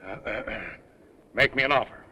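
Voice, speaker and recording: A man's voice: medium pitch, brisk, pushed and bright, husky, poor audio. An actor playing an older male con man who talks in a florid, stammering, evasive way, in 1930s film acting. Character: smooth-talking aging male con man, flowery and shifty.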